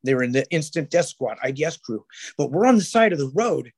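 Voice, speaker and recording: A man's voice: on the high side, lively intonation, a little fast. A man as a podcast guest, telling rambling stories with heavy swearing and many restarts. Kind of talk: casual podcast chat.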